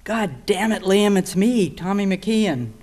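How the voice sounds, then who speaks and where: A woman's voice: low voice, moderate pace, a little mellow, lightly acted. A woman voicing a hard, dour former fighter who speaks in short lines. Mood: terse. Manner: terse, dour.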